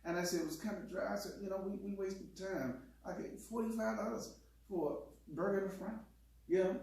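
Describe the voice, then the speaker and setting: A man in casual chat with his partner, telling animated stories and acting out quotes with laughs. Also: high voice, a little fast. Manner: animated, laughing storyteller who acts out quotes. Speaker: co-host. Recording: echoey room, distant mic.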